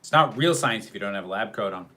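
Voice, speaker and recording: A man hosting a livestream reacts to a film, commenting casually, answering chat questions and laughing often with a sarcastic tone. His lowish voice is expressive, quick, pushed and bright.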